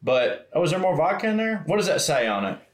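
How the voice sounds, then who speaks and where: A man's voice: on the high side, sing-song, quick pace. A man co-hosting a podcast in casual chat, chiming in with wry, blunt remarks. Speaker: podcast co-host. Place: room on a trip abroad. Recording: roomy echo.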